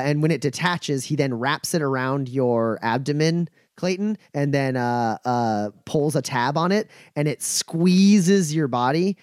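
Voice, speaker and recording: A man's voice: mid-range voice, darkish tone, no room sound, clean studio sound. A man narrating as game master of a tabletop role-playing game, with a loose delivery full of fillers.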